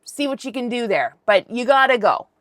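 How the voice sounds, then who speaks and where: A woman playing an old blind father in a retold Bible story, speaking in casual modern slang with a deadpan tone. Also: on the high side, moderate pace, no room sound, studio quality, close to an everyday voice. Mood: urgent. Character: old blind male patriarch, doubtful then resigned.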